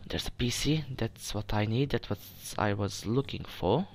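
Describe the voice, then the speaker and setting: A man's voice: lowish voice, animated, a little slow, vocal fry, fairly bright tone. A young man giving casual gameplay commentary, jumpy, swearing often and stammering when startled. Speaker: let's play gamer.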